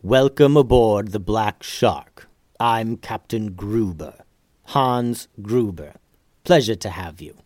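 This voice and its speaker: A man voicing a serious, unsmiling ship captain who speaks slowly and formally. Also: lowish voice, a little mellow, no room sound, studio quality. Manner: slow and serious.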